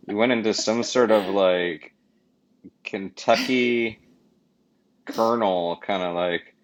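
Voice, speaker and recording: A man's voice: lowish voice, takes it slowly, pauses often. A man co-hosting a podcast, chatting casually with jokes, rambling asides and a lot of self-interruptions. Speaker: podcast co-host.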